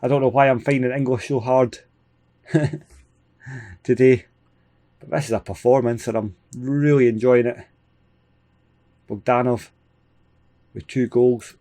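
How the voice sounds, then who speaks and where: A man's voice: mid-range voice, unhurried, pauses often. Chatty Scottish man commentating a game. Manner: chatty, excitable play-by-play with frequent chuckles. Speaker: gaming channel host. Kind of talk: casual let's-play commentary.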